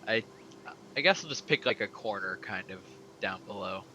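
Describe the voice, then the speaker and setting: A man at a tabletop game casually thinks aloud about what his character should do. His voice is low-pitched yet very bright and sharp, with faint ambience behind it. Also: lively intonation, normal speed, slight background noise, rough recording. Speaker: player.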